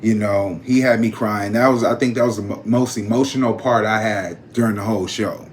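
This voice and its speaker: A man hosting a casual gossip vlog, chatty and slangy, talking straight to his viewers with animated jumps in pitch. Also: a little fast, a little hiss or hum. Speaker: psychic channel host.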